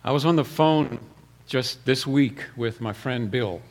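A man preaching a sermon, telling personal stories in a plain way, often repeating words and clearing his throat. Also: mid-range voice, a little slow, a little mellow.

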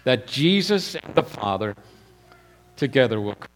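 A male preacher tells personal stories in a plain, homespun way. He often repeats words and clears his throat before going on. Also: medium pitch, sing-song, a little slow, a little hiss or hum.

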